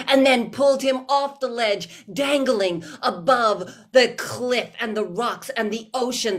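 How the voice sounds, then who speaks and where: A woman improvising a dark story with dramatic narration. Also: mid-range voice. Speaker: improv player.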